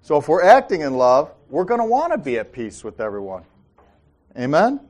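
A man's voice: a little high, sing-song, moderate pace, a little mellow. A man hosting a faith talk show, telling personal stories and often checking in with "right?" and "Amen?". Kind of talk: faith-based casual talk.

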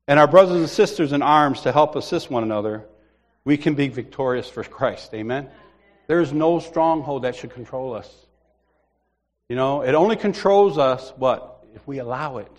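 Male preacher, higher voice, lively, comic storytelling sermon. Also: normal speed, pauses often. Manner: animated storyteller, acts out voices, laughs often.

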